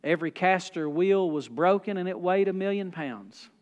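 Telling homespun stories from the pulpit, a high-pitched pastor in his forties shifts between hushed low remarks and loud rising climaxes at a normal, expressive pace. The audio sounds dull and carries a church hall's lingering reverb.

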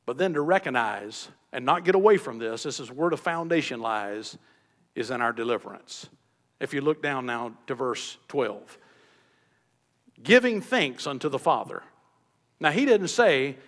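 A man preaching a sermon with a high-pitched voice that rings out with long reverb, as if from a church sanctuary. He pushes up into emphatic peaks, then falls back to quiet, low phrases. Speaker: pastor.

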